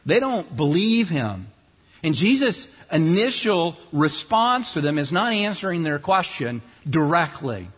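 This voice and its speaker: A man preaching a sermon in an explanatory, lively way, at times acting out other voices mockingly. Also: on the high side, a little slow, breathy edge. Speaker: pastor. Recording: dull distant sound in a reverberant hall.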